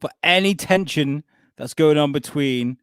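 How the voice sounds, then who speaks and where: A man's voice: fairly high pitch, a little slow, fairly bright tone, clear, resonant tone, no echo. A man co-hosting a comedic news chat show, reading out headlines with jokes and swearing. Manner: jokey, reads headlines, swears. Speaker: co-host.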